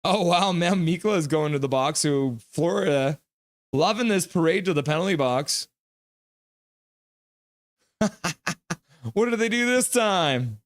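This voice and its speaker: A man hosting a live hockey reaction stream, calling plays and reading out chat messages with excitement. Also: a little high, a little slow, pauses often, no echo. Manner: excitable, chatty, reads chat aloud.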